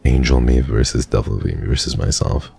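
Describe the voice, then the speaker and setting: A man with an extremely low voice, a gravelly fry under his words and a dark, mellow tone chats with his live-stream viewers. He teases them playfully and keeps thanking them, while faint music plays underneath. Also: normal speed. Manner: playful and teasing, with frequent thank-yous to viewers. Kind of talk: casual live-stream chat, reading and answering chat.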